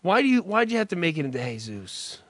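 A man's voice: sits high, very animated, fast, a bit bright, no echo. A man telling a rambling, profane story in casual chat with a co-host, full of restarts. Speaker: podcast co-host.

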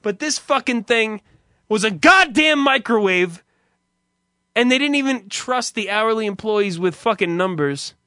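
A man's voice: high voice, expressive, a little slow, pushed and bright, no room sound, clean studio sound. A man hosting a stream, telling rambling, profane anecdotes in a casual monologue and laughing often. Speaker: streamer host.

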